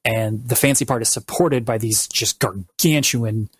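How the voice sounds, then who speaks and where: A male podcast co-host with a husky, medium-pitched voice recaps at length, unhurried. The casual chat is loose and rambling, packed with filler words.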